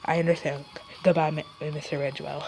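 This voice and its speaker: A woman's voice: low voice, little pitch movement, brisk, vocal fry, a little mellow, a little hiss or hum, poor audio. A woman reading the lines of a sympathetic hospital nurse, with small stumbles and restarts. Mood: gentle. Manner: read aloud, with stumbles and restarts. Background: background music.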